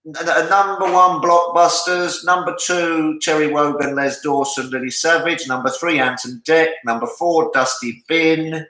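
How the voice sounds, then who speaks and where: A man hosting a casual charity pub quiz, chatty and jokey, reading the answers out slowly. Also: on the high side, steady tone, pushed and bright. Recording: echoey room.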